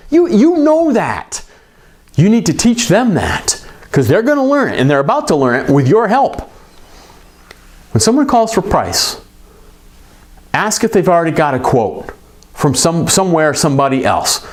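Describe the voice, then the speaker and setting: Middle-aged male coach, lively and emphatic, slightly higher voice, talks straight to shop staff. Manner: animated, emphatic, conversational with quick asides. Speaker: business coach for repair shops. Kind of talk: coaching talk to shop owners.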